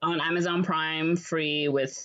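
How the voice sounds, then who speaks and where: A woman's voice: low voice, steady tone, measured pace, a bit bright, highs cut off. A young woman co-hosting a podcast, retelling a movie plot in casual chat, full of "like" fillers. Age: young adult. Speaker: podcast co-host.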